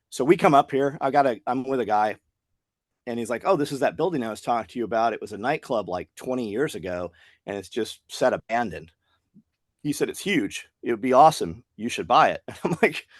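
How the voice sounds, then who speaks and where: A man's voice: lowish voice, dry recording, clean studio sound. A man who is a guest on a podcast, telling a story at length and acting out the lines of the people in it. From Tennessee, US. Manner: animated storyteller acting out quoted dialogue. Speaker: podcast guest, business owner. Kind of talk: casual storytelling interview.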